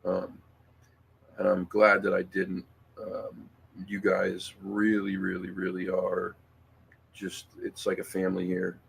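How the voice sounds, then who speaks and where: A middle-aged man hosting a casual livestream, speaking in an emotional, halting way with many fillers and restarts. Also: deep voice, completely flat delivery, vocal fry, a little hiss or hum. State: emotional, near tears. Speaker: livestream host.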